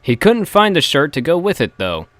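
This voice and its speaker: A man's voice: fairly high pitch, huge pitch swings, normal speed, a bit bright, dry recording. Male co-host, playful reader, laughs a lot, dry close-mic sound. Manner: giggly, playful. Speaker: co-host reading a story. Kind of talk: casual comedic reading and commentary.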